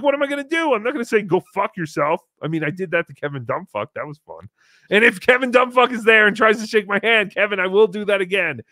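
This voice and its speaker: A man's voice: sits high, bright, forceful tone, no room sound, studio quality. A man hosting a call-in podcast, chatting casually in a wry, rambling way and swearing freely. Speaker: podcast host taking calls.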